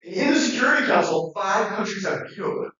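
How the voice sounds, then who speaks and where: A man's voice: high voice, animated, a little fast, sharp tone. A man giving a classroom lecture in a rambling, conversational way, with many fillers and restarts. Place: lecture room. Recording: muffled, very echoey, distant.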